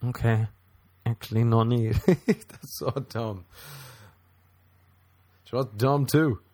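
A man's voice: mid-range voice, fairly even intonation, slow, dark tone, no echo. A man doing a profane stand-up rant, mocking and slipping into exaggerated voices. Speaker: comedian.

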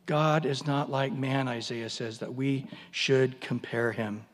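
A man's voice: medium pitch, level tone, unhurried. A man preaching a sermon, telling vivid stories with dramatic swings and humorous asides. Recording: long hall reverb.

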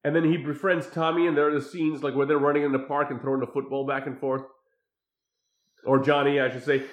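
A man casually recapping a film's plot, animated, often acting out quoted lines. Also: mid-range voice, echoey room. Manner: animated retelling with acted quotes. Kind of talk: casual film recap chat.

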